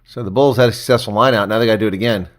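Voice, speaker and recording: A man with a fairly low voice races through casual live reaction commentary on a rugby match. He's chatty, thanks viewers, and gets excited on big plays.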